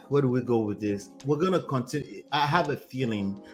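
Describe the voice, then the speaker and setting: A man's voice: medium pitch, moderate pace, faint music behind. A man hosting a live reaction stream as a marriage coach, chatty and sarcastic, greeting viewers as he comments.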